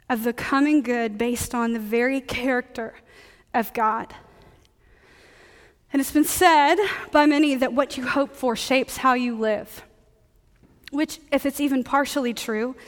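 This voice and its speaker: High-voiced woman preaching in a big hall. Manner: conversational, joking preaching. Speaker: pastor. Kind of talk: sermon.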